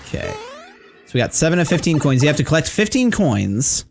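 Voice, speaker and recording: A man giving live gameplay commentary as a streamer. He is excitable, swears, and talks straight to his chat. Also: on the high side, fairly quick, vocal fry. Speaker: game streamer. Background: game music.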